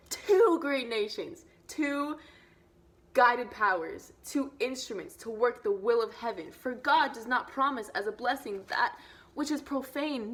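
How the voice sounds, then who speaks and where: A young woman vlogger retelling an old story in casual slang, excitable, and now and then dropping to a whispered aside. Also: a little high. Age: young adult.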